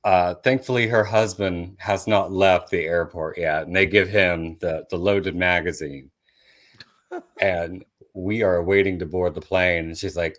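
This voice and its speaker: Deep-voiced man telling a comic story. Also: measured pace. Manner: animated, building to loud bursts. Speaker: guest comedian.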